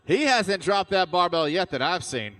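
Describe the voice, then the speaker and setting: A man's voice: high voice, sing-song, moderate pace, fairly bright tone. A man announcing a live arena fitness competition, hyped and cheering the athletes on. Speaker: event announcer. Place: large indoor arena.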